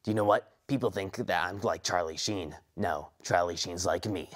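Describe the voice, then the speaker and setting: A man's voice: sits low, normal speed, natural voice. A young man voicing a boastful, arrogant young rich male duelist in a comedy parody, talking smugly about himself. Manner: smug, bragging.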